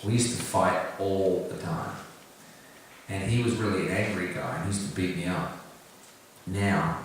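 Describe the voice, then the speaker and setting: A man speaks earnestly to an audience, sharing a personal story with a few light jokes. His voice sits on the low side. The recording is very echoey, taken from some distance, with faint room ambience behind him. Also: fairly even intonation, moderate pace, long pauses, slight background noise. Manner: earnest, direct, gently humorous. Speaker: singer-songwriter talking about his song.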